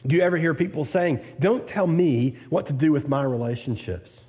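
A man preaching an expository sermon, asking the listeners rhetorical questions and rising in pitch on his points of emphasis. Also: normal speed, a little mellow.

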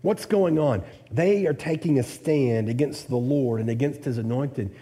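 Preaching expositorily at a moderate pace, this man has a dark tone, asks his listeners rhetorical questions, and rises in pitch whenever he emphasizes a point.

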